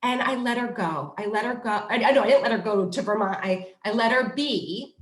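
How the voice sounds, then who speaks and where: A middle-aged woman, a positive discipline trainer, giving casual parenting advice in an animated way. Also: fairly high pitch, a little fast. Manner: animated storyteller who acts out quoted voices. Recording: roomy echo.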